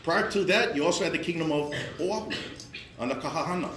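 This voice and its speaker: Man lecturing, explanatory, audience check-ins, fairly high voice, roomy echo. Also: expressive, fast talker, a bit bright. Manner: explanatory, checks in with frequent "right?" and "okay?". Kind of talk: history lecture to a live audience. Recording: echoey room with faint noise.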